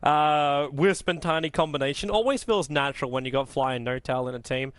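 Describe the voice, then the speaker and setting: An Australian man casting a game, jokey and quick to laugh. His voice sits slightly high and is recorded dry and close. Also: fairly bright tone, dry recording. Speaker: esports caster. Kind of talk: game commentary and banter.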